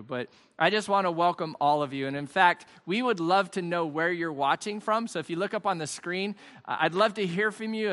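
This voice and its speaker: Bright-voiced pastor in an echoey hall. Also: male voice, fairly high pitch, smooth. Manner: chatty, joking, earnest. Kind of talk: online sermon. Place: church hall with no audience.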